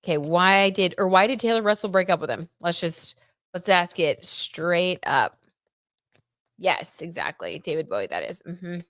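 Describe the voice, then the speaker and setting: A woman's voice: fairly low pitch, animated, normal speed, fairly bright tone, no room sound, clean studio sound. A young adult woman hosting a casual tarot gossip livestream, chatty and giggly as she talks to her viewers. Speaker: tarot reader and livestream host.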